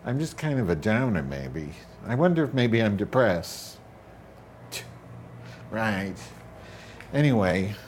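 A man with a fairly low voice rambles through a crude, self-mocking monologue. He is at home in a bathroom. A faint hum sits behind him.

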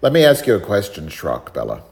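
Man, lowish voice, dry sardonic storyteller, casual podcast banter. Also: fairly quick. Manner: sardonic, animated storyteller who mimics voices. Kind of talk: casual chat, telling a story.

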